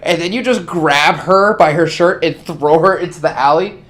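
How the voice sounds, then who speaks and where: A man narrating a tabletop role-playing game as game master, describing the action vividly. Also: moderate pace. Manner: animated, laughing, acts out bystanders in high voices.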